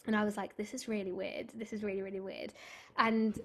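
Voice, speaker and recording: In a casual interview, this young woman, a stage actress, tells a story in an animated, chatty way packed with filler words. She speaks a little fast in a creaky, mid-range voice.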